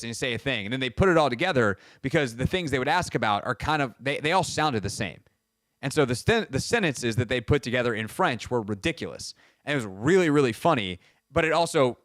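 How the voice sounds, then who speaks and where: A man's voice: a little high, no echo. A man hosting a sports radio show, telling stories in a casual, rambling way and poking fun at himself, on a studio microphone. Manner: rambling, self-mocking storytelling.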